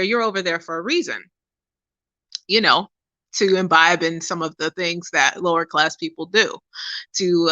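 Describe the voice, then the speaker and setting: Podcast host, woman, bright and sharp tone, casual storytelling with lots of asides. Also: lowish voice, no room sound. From Pittsburgh. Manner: conversational, many fillers and asides. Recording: dry, dull lo-fi.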